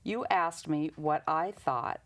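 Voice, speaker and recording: A woman's voice: low voice, takes it slowly, a bit bright. A woman hosting a talk show, affirming her guest and chiming in with agreement. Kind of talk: casual interview.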